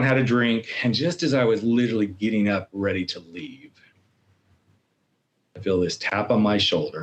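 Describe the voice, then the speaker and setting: Telling a personal story as a podcast guest, a middle-aged man with a voice on the low side gets animated, acting out his own inner voices.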